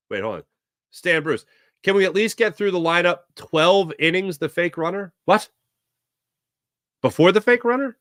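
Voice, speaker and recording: A male sports talk host talks in a loose, rambling way and jokes as he reads out viewer comments. His voice is bright and forceful. The sound is dry and close, with no room around it. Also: on the high side, moderate pace, dry recording. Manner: animated, rambling, jokey. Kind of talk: casual sports talk, reading chat comments.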